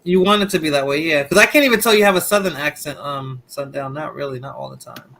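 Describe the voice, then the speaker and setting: A man's voice: a little high, quick pace, creaky, sharp tone, slight background noise. A man hosting a casual live group chat, teasing his guests and laughing often. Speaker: live stream host.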